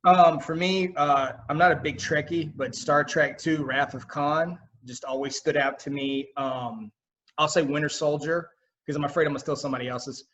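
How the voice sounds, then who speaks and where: A man's voice: fairly high pitch, fairly even intonation, moderate pace, fairly bright tone. A man who speaks hesitantly as a guest on a podcast, chatting casually.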